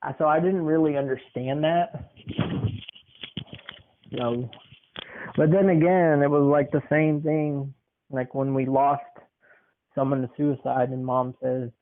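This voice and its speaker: Slow, easygoing young man, tinny sound. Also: fairly high pitch, slight background noise. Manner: relaxed, many fillers, dramatic "dun dun dun". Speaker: podcast co-host. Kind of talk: casual chat, storytelling.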